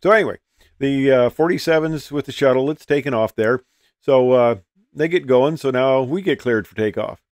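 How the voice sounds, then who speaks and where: A man's voice: medium pitch, moderate pace, a little mellow, no room sound. An older man and retired pilot telling a casual, folksy story, with many fillers and restarts.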